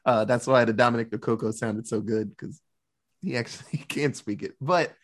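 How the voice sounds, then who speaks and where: Male podcast host, loose rambling recap delivery, average pitch, filler-heavy. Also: moderate pace. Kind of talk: casual movie recap chat.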